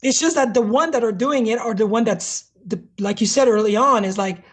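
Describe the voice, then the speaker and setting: Blunt, husky-voiced woman with a French accent, candid guest talking shop. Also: fairly high pitch, fairly quick. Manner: blunt and candid, swears freely. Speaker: hardware developer, guest. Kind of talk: casual conversation.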